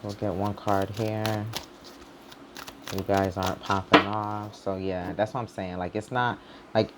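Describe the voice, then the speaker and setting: A man's voice: lowish voice, flat delivery, measured pace, heavy background noise. A man doing a casual, rambling tarot reading for his channel, full of fillers and loose, informal talk with the odd swear word. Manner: loose and rambling, heavy on "like" and "you know". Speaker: tarot reader.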